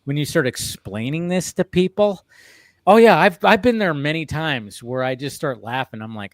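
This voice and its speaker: A man hosting a casual chat, telling animated stories with frequent laughter and restarts. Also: a little high, normal speed, dry recording, studio quality. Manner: animated storyteller, laughs often, many restarts. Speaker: podcast host.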